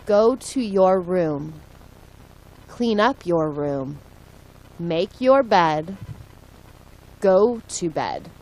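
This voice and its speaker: Woman reader for a listening lesson: very slow, clear, deliberate pacing. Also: on the low side, animated, darkish tone, rough recording. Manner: slow, deliberate, one short sentence at a time. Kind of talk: slow read-aloud for learners.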